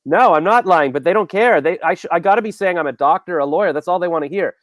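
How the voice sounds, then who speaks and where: Canadian comic in his forties, rambling and self-deprecating, a touch high, dry close recording. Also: fast, few pauses, dry recording. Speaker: comedian guest. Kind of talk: casual chat on an online comedy show.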